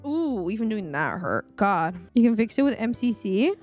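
A woman's voice: mid-range voice, very animated, normal speed, darkish tone, soft background music. A woman in her thirties chatting casually to viewers as a gaming streamer, rambling and talking to chat as she plays. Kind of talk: casual gameplay commentary. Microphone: desk microphone.

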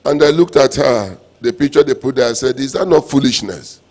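A male pastor preaching a sermon, repeating refrains and breaking into sudden loud, emphatic lines. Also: mid-range voice, moderate pace. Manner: preaching with call-and-response phrases and sudden loud emphatic bursts.

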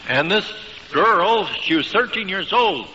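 A man preaching to a congregation, his fairly high voice bright and forceful as he tells stories with dramatic pauses. The recording is dull and lo-fi, with a long reverb trailing from a large hall and a faint hiss underneath. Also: expressive. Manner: emphatic storytelling with dramatic pauses. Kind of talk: sermon.

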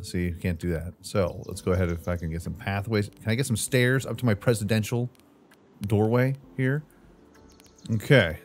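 Playful low-voiced man narrating his gameplay. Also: darkish tone. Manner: playful, talks to himself, jokey asides like "brother". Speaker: gaming channel host. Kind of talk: casual let's-play commentary.

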